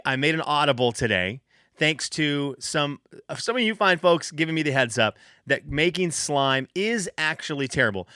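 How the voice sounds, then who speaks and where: A podcast host with a medium-pitched voice tells stories animatedly on his casual solo show, acting out what his kids say. The recording is dry and studio quality.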